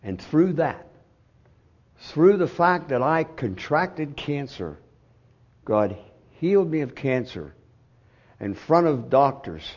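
Pastor, male, husky, unhurried sermon delivery with loud peaks and soft drops, dull lo-fi recording. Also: on the high side, sing-song. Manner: swings from loud outbursts to hushed, slow phrasing.

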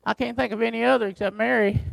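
A man pastor preaching a sermon, reading scripture slowly and driving his points home with emphasis. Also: extremely high pitch, fairly even intonation, vocal fry, a bit bright, no room sound, low-quality recording.

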